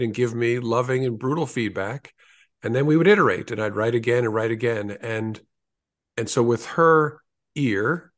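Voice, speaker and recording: A man in his sixties talks about his writing as an interview guest. His voice sits in a middle register, and his answers are earnest and reflective. He tells his stories at an unhurried pace, now and then pausing to restart a thought. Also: mid-range voice. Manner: earnest, storytelling, with small restarts.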